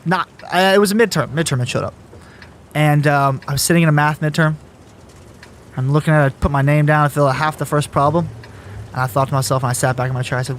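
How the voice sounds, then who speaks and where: Brief: young man, quick storyteller, slightly high voice, casual and profane. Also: fairly even intonation, a little hiss or hum. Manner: storytelling, swears freely. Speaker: guest telling his story. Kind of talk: casual podcast chat.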